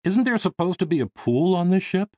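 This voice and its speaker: A man's voice: high voice, sing-song, brisk, a little mellow, dry recording, pitched above the performer's own voice. A man playing an eager, curious teenage boy. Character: eager seventeen-year-old rich boy.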